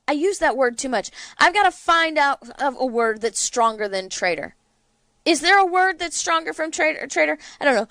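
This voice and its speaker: A woman's voice: sits high, animated, moderate pace, fairly bright tone, dry recording. A woman hosting a political talk show, delivering sarcastic, indignant commentary.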